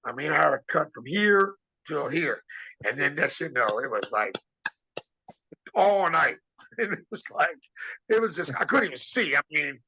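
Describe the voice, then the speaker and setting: A man tells long, rambling stories from his wrestling days, slipping into the voices of the people he quotes. His voice is husky but bright and forceful, a little higher than most men's. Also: big pitch swings, moderate pace, long pauses, rough recording. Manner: rambling anecdotes, acts out quoted dialogue. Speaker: interview guest, former wrestler. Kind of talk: casual storytelling.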